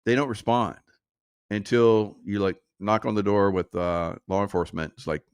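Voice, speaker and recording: A man's voice: fairly low pitch, fairly even intonation, moderate pace, clear, resonant tone, no echo, studio quality. A man hosting casual political commentary, sarcastic and mocking, chuckling often as he reads and reacts.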